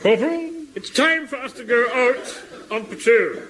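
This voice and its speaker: A pompous, self-important Home Guard captain in an old radio comedy. His voice is high and swings widely in pitch. The archive recording carries steady hiss. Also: normal speed. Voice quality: pompous, indignant. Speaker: captain narrating a radio skit. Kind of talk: 1960s-70s radio comedy acting.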